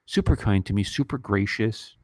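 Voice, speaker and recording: On a livestream, an American man in his fifties who reviews movies on YouTube talks casually at a normal speed, his low, slightly mellow voice nasal from earlier crying. He's emotional and rambling, full of ums and restarts. The recording is dry and close, with almost no room around it.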